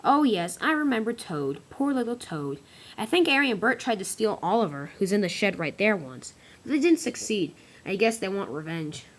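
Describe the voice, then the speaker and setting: A woman voicing a grumpy, impatient male diesel engine in a homemade toy-train story, speaking in a hushed and hurried way. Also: medium pitch, big pitch swings.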